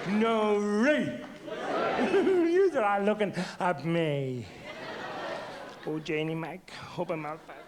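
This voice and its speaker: High-pitched and slow, with long pauses, this stand-up comic plays innocent and stammers through comic stories about growing up. A loud crowd reacts in the theatre, and the sound comes from a noisy old VHS tape.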